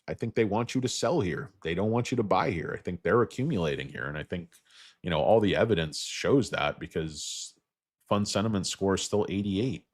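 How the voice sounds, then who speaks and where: A man with a hoarse voice from getting sick, hosting a casual livestream about stocks. He rambles, jokes crudely and talks to his viewers. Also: sits low, expressive, brisk, no room sound, clean studio sound. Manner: rambling, crude, joking asides. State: losing his voice, feeling sick. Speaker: stock market livestream host.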